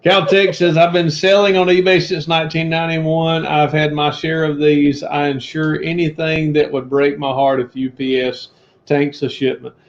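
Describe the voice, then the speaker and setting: A man's voice: on the high side, little pitch movement, normal speed. Earnest man, preachy encourager. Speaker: reselling livestream co-host. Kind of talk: casual livestream chat. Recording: dull lo-fi stream audio.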